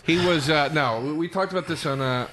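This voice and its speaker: A man's voice: a little high, fairly quick, background noise. A man, a stand-up comedian guest on a podcast, telling a rambling, profane story with many restarts. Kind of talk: casual storytelling chat.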